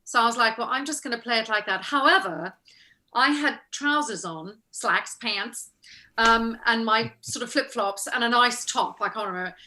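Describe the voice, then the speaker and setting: Bright-voiced chatty actress. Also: female voice, fairly high pitch, normal speed. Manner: chatty, acts out quoted exchanges, laughs often. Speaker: guest actress. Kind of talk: casual interview storytelling.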